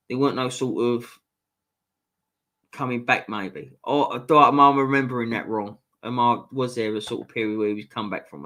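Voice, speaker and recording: Bright and forceful in tone, with a medium pitch, a Cockney-accented East Londoner rambles through a casual fan livestream. He reads out the chat, talks in a chatty way with frequent restarts, and swears casually.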